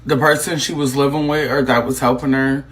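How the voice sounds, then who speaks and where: A man giving casual commentary, hesitant and pausing on fillers. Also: medium pitch, flat delivery, a bit bright, slight background noise, low-quality recording.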